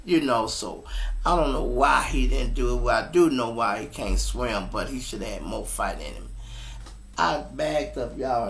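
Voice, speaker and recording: A man casually telling a story to his listeners, animated and profane, often calling them y'all, speaking at his computer setup. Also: mid-range voice, gravelly, slight background noise.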